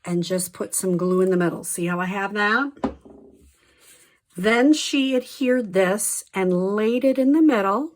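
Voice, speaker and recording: Slow, chatty woman demonstrating crafts. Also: medium pitch. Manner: chatty, frequent ums, enthusiastic asides. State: slight allergy cough. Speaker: card-making demonstrator. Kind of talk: casual craft tutorial.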